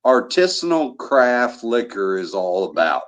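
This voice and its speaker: A man's voice: mid-range voice, very animated, a little slow. A man co-hosting a casual livestream chat, rambling and repeating himself as he talks.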